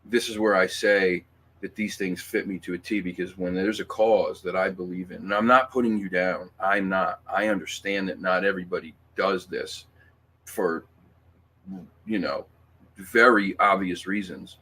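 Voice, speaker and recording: Low-voiced rambling male livestream host. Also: steady tone, moderate pace, bright, forceful tone, slight background noise. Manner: rambling, emphatic, swears, with many fillers and restarts. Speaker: livestream host reading viewer comments. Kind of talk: casual livestream chat.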